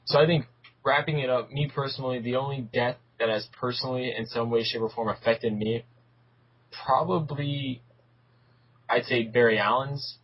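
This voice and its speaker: A man hosting a casual chat over an online call, relaxed and rambling. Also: mid-range voice, normal speed, husky, lo-fi sound. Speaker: host.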